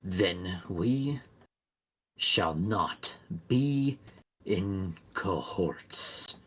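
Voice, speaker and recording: Slow dragged-out captive creature in your head, low and quiet, a guy voicing it. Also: animated, heavily acted. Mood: bargaining. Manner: very slow, drawn-out words.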